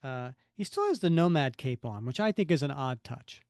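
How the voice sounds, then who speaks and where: A man's voice: medium pitch, moderate pace, no room sound, studio quality. A man co-hosting a podcast, chatting casually and playfully about comics and acting out scenes as he goes. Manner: animated, playful, acts out scenes. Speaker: podcast co-host.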